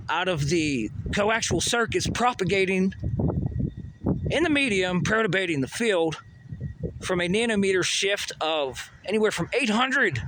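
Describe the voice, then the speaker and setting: A man rambling and cursing in a walk-and-talk monologue outdoors, recorded on a handheld phone by a road. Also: fairly high pitch. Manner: rambling, profane, addresses Russia directly. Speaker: vlogger. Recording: outdoor noise with passing vehicles.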